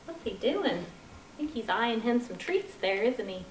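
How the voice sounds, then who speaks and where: A woman's voice: a little high, sing-song, measured pace, a little hiss or hum. A woman at a children's library story time, reading a picture book aloud in a sing-song voice and asking the children questions. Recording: echoey library room.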